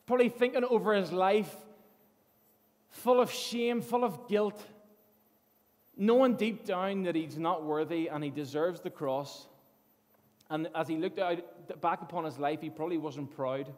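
A man's voice: a little high, measured pace. A man preaching a sermon, telling the story earnestly and often repeating his words as he goes. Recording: long hall reverb.

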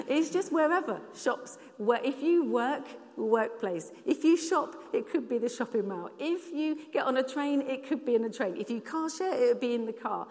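A woman's voice: sits high, expressive, moderate pace, few pauses, a little mellow. A woman giving a church sermon, telling personal stories in an earnest, conversational way. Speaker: church speaker. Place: church hall. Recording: long hall reverb.

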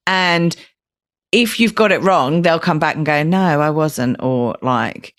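A woman with a notably low voice who speaks slowly and unhurriedly. As host of a podcast interview, she asks her guest tentative questions and paraphrases him back to check that she has understood. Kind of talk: interview conversation.

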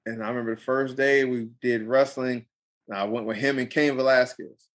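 A young adult man, a pro fighter, telling a story in a casual interview, animated and emphatic, repeating phrases for effect. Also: medium pitch, moderate pace.

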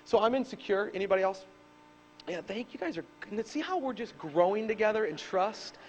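A man preaching a sermon to a live congregation, swinging between loud emphatic bursts and hushed asides. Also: sits high, big pitch swings, fairly quick, a little hiss or hum. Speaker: pastor. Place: church service with a live congregation.

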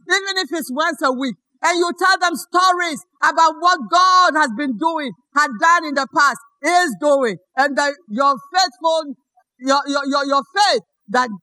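A woman pastor preaching a sermon, emphatic, often shouting and repeating her lines. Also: sits high, no echo, low-quality recording. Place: church.

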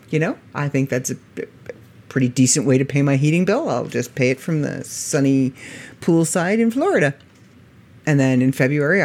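A middle-aged woman with a low voice, hosting a podcast in a chatty, self-mocking way and laughing often. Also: a little mellow. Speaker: podcast host. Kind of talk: casual podcast monologue.

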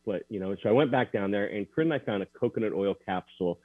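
A man recounting a personal story as an interview guest, earnest and halting, with many restarts. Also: mid-range voice, lively intonation. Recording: tinny dry phone line.

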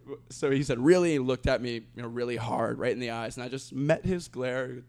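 A man in casual conversation, telling a story with animated delivery, laughing and acting out the other people's lines. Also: mid-range voice, a little fast, creaky. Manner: animated, laughs while telling, acts out quotes. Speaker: street artist guest.

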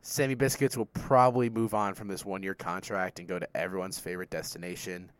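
A man's voice: sits low, steady tone, brisk, clear, resonant tone. A young man co-hosting a casual sports chat, joking and rambling through his opinions. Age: young adult. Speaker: podcast co-host.

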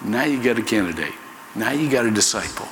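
A man's voice: mid-range voice, fairly bright tone, slight background noise. A man preaching a sermon in an emphatic, conversational way, often repeating words. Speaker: pastor. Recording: echoey hall reverb with faint ambience.

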